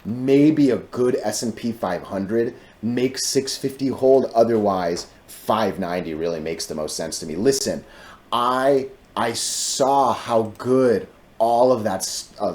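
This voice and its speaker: A man's voice: lowish voice, unhurried, a little mellow. A man giving casual stock market commentary to his viewers, emphatic and repetitive, often cutting in with "listen" and "right?". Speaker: stock chart analyst host.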